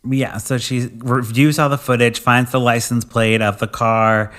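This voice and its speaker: A young man co-hosting a casual podcast chat, retelling a movie plot in a relaxed way, with a lot of "like". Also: medium pitch, unhurried. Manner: relaxed storyteller, full of "like". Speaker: podcast co-host.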